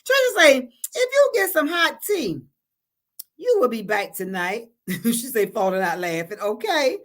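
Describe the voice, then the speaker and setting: A woman's voice: a little high, big pitch swings, a little slow. A woman hosting a casual livestream chat. She reads out viewer comments, laughs often and calls her viewers honey and baby.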